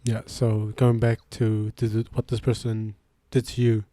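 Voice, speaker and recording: A man's voice: fairly low pitch, completely flat delivery, a little slow, mellow, dry recording. A young man hosting a casual podcast chat, joking, laughing and swearing freely. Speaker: podcast host.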